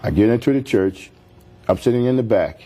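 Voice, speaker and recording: A man's voice: lowish voice, animated, a little fast, dark tone, a little hiss or hum. A man, a pastor, telling his life story as a guest in a TV interview, earnest, acting out the quoted voices as he goes. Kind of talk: testimony in a TV interview.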